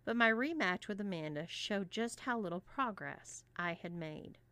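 A woman narrating a first-person story in an even, steady reading voice. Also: mid-range voice, moderate pace, clean tone.

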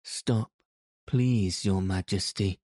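A man reading the part of a calm, polite young prince in an audiobook. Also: low voice, slow, no room sound, studio quality. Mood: cool, polite. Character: cool, resolute young male prince.

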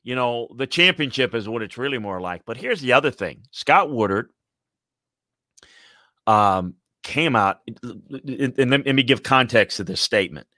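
An older man talks sports in a loose, rambling way, stopping and restarting his sentences as he goes. His voice is bright and forceful, and the sound is dry and close. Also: mid-range voice, moderate pace, no echo. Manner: rambling, animated, many restarts. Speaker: sports commentator. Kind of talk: casual sports talk.

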